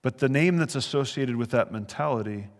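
A man's voice: mid-range voice, a little fast, long reverb tail. A man preaching a verse-by-verse sermon as a pastor, conversational and earnest, with brief chuckles. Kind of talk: sermon, verse-by-verse Bible teaching.

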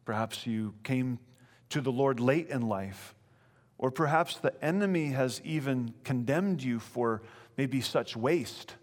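A man's voice: medium pitch, slow, big-room sound. A man preaching a sermon, reading scripture and then explaining it in an earnest, emphatic way that repeats phrases for weight. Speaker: pastor.

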